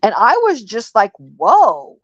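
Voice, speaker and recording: A woman's voice: mid-range voice, sing-song, normal speed, no echo. A woman from Missouri co-hosting a livestream, talking in a chatty, rambling and frank way. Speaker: livestream co-host. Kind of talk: casual chat. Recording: dull lo-fi dry sound.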